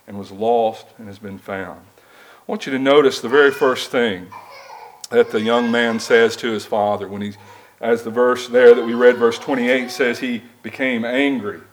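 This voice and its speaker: A man's voice: medium pitch, low-quality recording. A man preaching a sermon in a plain, conversational way. He reads scripture aloud and stops to ask his listeners rhetorical questions.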